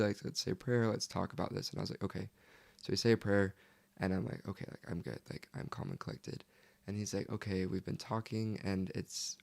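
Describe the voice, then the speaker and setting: Young man with a gravelly, low voice. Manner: earnest, leans heavily on "like". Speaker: podcast guest. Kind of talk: casual interview storytelling.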